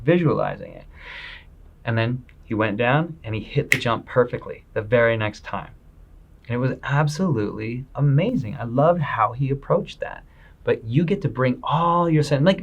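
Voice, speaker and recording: A man giving a casual, upbeat motivational talk as a business coach, acting out people's inner voices as he goes. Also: medium pitch.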